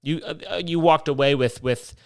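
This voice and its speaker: A man's voice: a little high, steady tone, normal speed, no room sound, studio quality. A young man telling a rambling, profane comic monologue as host, ranting with mock indignation. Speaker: comedy podcast host.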